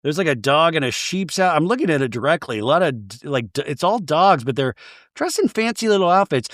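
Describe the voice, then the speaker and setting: A man hosting a podcast, recapping a show in an animated, profane, joking way with frequent laughs. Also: on the high side, brisk, no echo, clean studio sound. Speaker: podcast host. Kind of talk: comedic episode recap.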